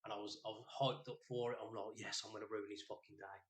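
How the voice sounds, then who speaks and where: A man's voice: fairly low pitch, quick pace. A man, co-hosting a podcast and telling a rambling, sweary story in casual chat. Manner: rambling, sweary, animated retelling. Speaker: podcast co-host.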